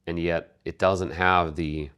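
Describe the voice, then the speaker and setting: A man co-hosting a podcast, speaking in a measured, halting way about poetry and pausing often to find his words. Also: low-pitched, level tone, a bit bright, clean tone. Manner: measured, halting, with many pauses and fillers. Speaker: podcast co-host. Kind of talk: casual literary discussion.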